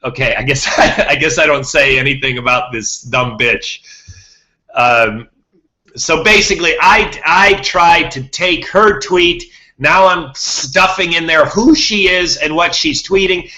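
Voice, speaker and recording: A man's voice: fairly high pitch, unhurried, sharp tone, low-quality recording. A man hosting a podcast, talking to his listeners in a rambling monologue, repeating himself and restarting words. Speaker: podcast host.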